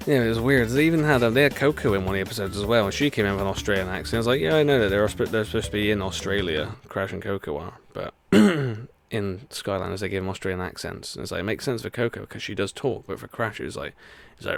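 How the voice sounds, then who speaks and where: A man streams a racing game live and talks through it in a loose, rambling way, breaking into laughter now and then. His voice sits a bit low. Loud game music plays under his commentary. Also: brisk, vocal fry. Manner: chatty, rambling, laughs often.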